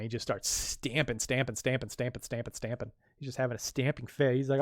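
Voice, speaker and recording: A chatty man talks through the pages of his own comic, restarting sentences as he explains each panel. His voice sits at an everyday middle pitch, and the sound is close and dry with no room around it. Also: normal speed, pauses often, no room sound. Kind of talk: casual comic reading with commentary.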